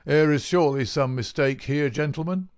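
A male reader voicing a big, bald swindler whose oily, made-everything-easy voice rides a little higher than a plain reading voice. He sounds smug and mocking, pushing every phrase forward with a bit more force, an audiobook rogue through and through. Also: moderate pace, darkish tone, lightly acted. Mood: smooth, dismissive.

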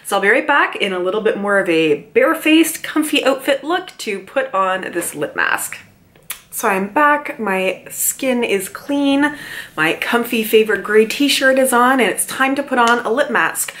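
A chatty woman talks to the camera from home, reviewing a beauty product. She reads the details aloud, adds playful asides and lets her pitch jump around. Her voice carries a mild cold. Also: lively intonation, a little slow, fairly bright tone. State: mild cold, mouth breathing. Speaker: beauty vlogger.

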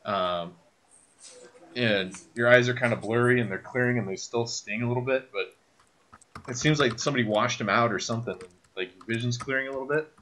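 A man running a tabletop game as game master, narrating scenes with frequent ums and pauses. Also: mid-range voice, fairly bright tone. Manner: hesitant, many ums while describing scenes.

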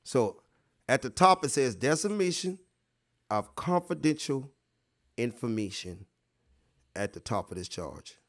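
A man hosts a casual livestream, talking straight to the people watching. He rambles and swears freely, going back over his points again and again to drive them home. His voice sits at an ordinary middle pitch. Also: expressive, measured pace, long pauses, fairly bright tone. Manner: rambling, profane, repeats himself, talks straight to viewers. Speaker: online show host.

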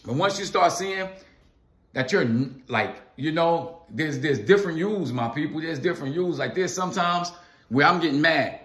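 A man's expressive, somewhat bright voice, on the high side and at a moderate pace, fills a casual philosophical vlog. He repeats phrases to stress them and hails his viewers in loose slang, recorded in an echoey room.

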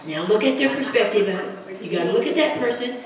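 Woman, somewhat high voice, informal impassioned Sunday school preaching, roomy distant church sound. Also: lively intonation, fast talker. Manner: emphatic, repetitive, impassioned. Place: church sanctuary. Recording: echoey church recording from far off, congregation audible.

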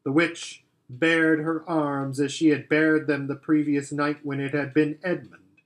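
A man reading a children's novel aloud as story narration, in a slow, deliberate manner. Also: a little high, level tone. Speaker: audiobook reader.

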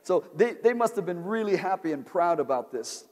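A man preaching a sermon as pastor, with repetitive call-and-response phrasing that builds to shouts. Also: sits high, very animated, moderate pace. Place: large church sanctuary. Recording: long church-hall reverb.

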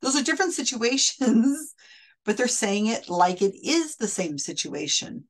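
A woman's voice: on the high side, sing-song, measured pace. A woman commenting analytically on a recorded psychic reading, explaining and restating quotes in a picky, careful way. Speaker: skeptic commentator.

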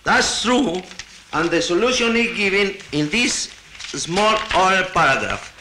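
Man, bright, echoey. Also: sits high, lively intonation, a little hiss or hum. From Latin America. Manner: halting, with restarts and wry asides. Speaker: conference delegate. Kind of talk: conference speech, partly reading a paper aloud. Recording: echoey hall, 1960 archive tape.

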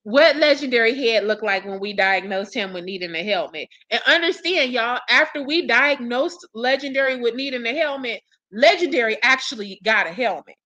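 Blunt, bright-voiced woman vlogger. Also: fairly high pitch, expressive, moderate pace, few pauses, dry recording, muffled recording. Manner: blunt, profane and exasperated. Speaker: commentary channel host. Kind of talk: casual gossip commentary to viewers.

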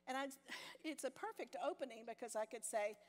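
An older woman with a fairly high voice teaches a women's Bible study. She tells a personal story with self-deprecating humor and laughs often. Her voice carries with a long echo through a church hall. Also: lively intonation, brisk.

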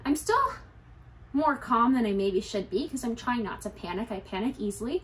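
Youngish woman w a higher voice telling her own story on her vlog, candid and chatty. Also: lively intonation, moderate pace, slight background noise. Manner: candid, conversational, lightly humorous. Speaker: YouTuber.

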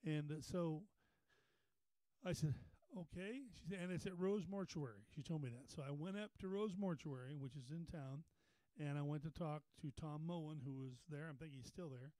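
Male pastor, high voice, folksy storyteller who builds to fervent preaching, dry close sound. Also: normal speed, warm tone, no echo, low-quality recording. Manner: folksy, repeats words, rises to a preaching pitch. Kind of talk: storytelling sermon. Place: Bible study meeting room.

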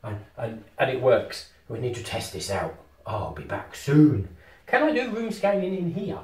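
A man, vlogging casually as he sets up VR at home and talks to himself excitedly. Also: medium pitch, moderate pace, recorded from a distance. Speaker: tech vlogger. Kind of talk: casual vlog commentary while setting up VR. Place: house with rooms on two floors. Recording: roomy home room, voice often off-mic.

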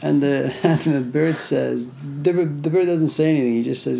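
Male lecturer, gravelly and rambling, casual storytelling, slight background noise. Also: a little high, moderate pace, dark tone. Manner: conversational, frequent "you know", storytelling asides. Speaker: philosophy lecturer. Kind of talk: informal philosophy lecture.

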